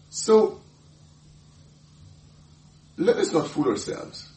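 A man delivers a sermon with a lively, swooping voice that rises high when he presses a point. He talks emphatically, laughs often and stumbles over repeated words. His voice is caught from a distance in a roomy, echoing hall. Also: measured pace, pauses often. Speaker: pastor.

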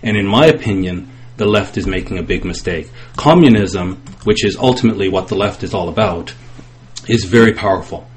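A man's voice: fairly low pitch, a little hiss or hum. A man preaching in an impassioned, emphatic way, his phrases rising and falling in a sing-song cadence.

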